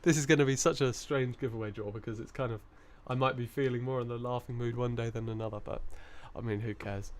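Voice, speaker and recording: A man's voice: mid-range voice, fairly even intonation, quick pace, few pauses, slight background noise. A man hosting a live stream and chatting in a rambling, easygoing way, often breaking into laughter. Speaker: coin-hunting live streamer. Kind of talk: casual live-stream chat.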